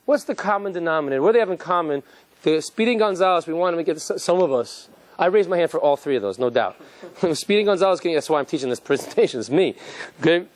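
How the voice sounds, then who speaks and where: A man, a rabbi, giving an animated, joking lecture and quizzing his live audience. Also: fairly high pitch, quick pace, no room sound.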